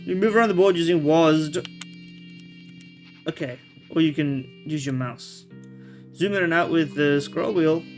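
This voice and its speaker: Man, let's play commentary, rambling jokey asides, slightly high voice, faint music behind. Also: unhurried, long pauses. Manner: rambling, joking asides while reading game text. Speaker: video game streamer.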